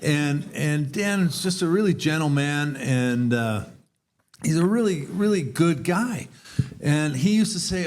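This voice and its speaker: A man's voice: on the high side, lively intonation, measured pace, darkish tone. A man co-hosting a recovery podcast, telling a personal story in an earnest, casual way and acting out the people he quotes. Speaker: podcast co-host.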